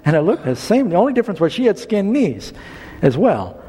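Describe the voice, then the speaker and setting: Man preaching with a higher voice in a reverberant hall. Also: a little fast, slightly rough. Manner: storytelling, animated, rising to emphatic preaching. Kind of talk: sermon with personal story.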